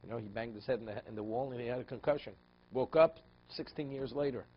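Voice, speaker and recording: This rabbi leads a daily lesson on a religious text, talking fast in a mid-range voice while telling stories, asking rhetorical questions, and repeating words often. The audio sounds dull.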